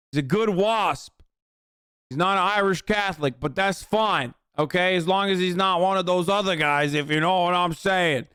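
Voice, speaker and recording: A man's voice: high voice, unhurried, sharp tone, clean tone, no room sound, clean studio sound. A man streaming a reaction video, ranting profanely at his chat.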